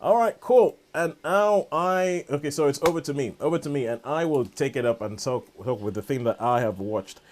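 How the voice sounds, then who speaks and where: Guy cohosting a podcast, middle pitch, rambly and keen, lots of restarts. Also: fast talker, few pauses, a little mellow, a little hiss or hum. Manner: rambling, restarts sentences often. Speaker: podcast co-host. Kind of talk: casual chat.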